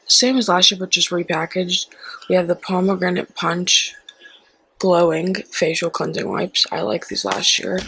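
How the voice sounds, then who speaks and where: Chatty woman with a gravelly edge. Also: lowish voice, noisy background. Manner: chatty, excitable, with frequent "like" and "so we got her". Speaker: haul vlogger. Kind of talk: casual product haul chat.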